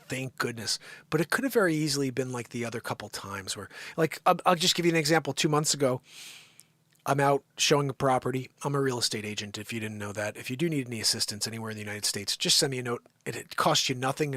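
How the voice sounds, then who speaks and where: A man hosting an unscripted live stream, telling a story in an animated, exasperated rant peppered with mild cursing. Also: medium pitch, dry recording.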